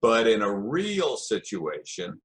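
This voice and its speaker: A man's voice: lowish voice, huge pitch swings, takes it slowly, fairly bright tone. An older man, a podcast guest, telling long anecdotes in a casual interview and acting out what others said. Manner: rambling anecdotes with acted quotes.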